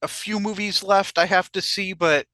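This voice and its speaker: A man's voice: high-pitched, steady tone, moderate pace, sharp tone, no echo. A man co-hosting a podcast in casual chat, hesitant and often stumbling over how he starts a sentence. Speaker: podcast co-host.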